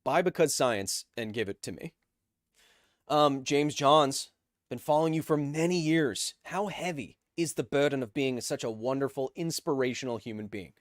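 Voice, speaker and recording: A man's voice: mid-range voice, moderate pace, no echo, studio quality. A man hosting a live stream, reading chat messages aloud with jokes and tangents while explaining science casually.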